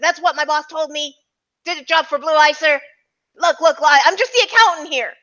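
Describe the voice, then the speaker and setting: A woman's voice: high-pitched, bright, forceful tone, muffled recording, pitched above the performer's own voice. Woman putting on a stammering mob accountant. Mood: pleading. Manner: stammering, pleading, fast-talking.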